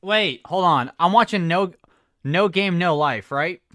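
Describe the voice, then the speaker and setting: A man streaming, reacting casually to a video he is watching, talking in excitable, rambling bursts. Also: sits high, a little slow, no echo, clean studio sound. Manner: excitable, rambling, with many restarts.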